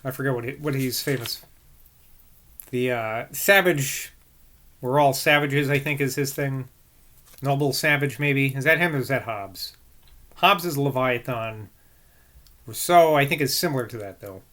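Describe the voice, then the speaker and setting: A man's voice: medium pitch, unhurried, long pauses, fairly bright tone. A man reading aloud from a classic book and breaking off to muse and second-guess himself between passages. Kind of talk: reading aloud with casual asides.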